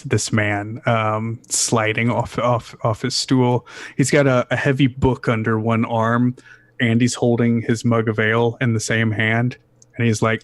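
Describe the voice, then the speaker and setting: A man's voice: mid-range voice, dry recording. Male game master, rambling, restarting narration; dry mic.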